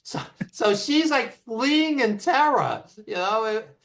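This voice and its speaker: A man telling road stories as the guest of an interview, animated and quick to act out quotes. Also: extremely high pitch, gravelly. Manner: animated anecdotes with acted quotes and laughs. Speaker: author and wrestling writer, guest. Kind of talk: casual storytelling interview.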